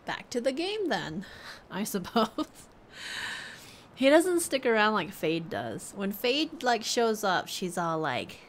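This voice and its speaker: Woman streamer, relaxed and chatty, lively melodic voice, slow delivery. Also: medium pitch, slight background noise. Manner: coos at her cat, chatty and relaxed. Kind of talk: casual live-stream chat.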